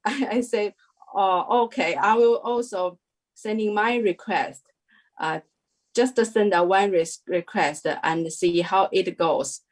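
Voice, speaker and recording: A young adult woman giving a halting interview testimony, full of fillers and restarts. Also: medium pitch. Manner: hesitant, many fillers and restarts. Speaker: devotee sharing a testimony.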